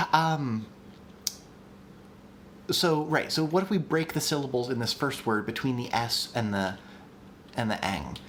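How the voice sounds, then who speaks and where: Teaching language construction on a live stream, a man with a middle-pitched, slightly bright voice talks into a desk mic a little slowly, pausing often. He's eager and chatty, with plenty of ums and restarts, and reads the chat aloud. Faint room ambience hums behind him.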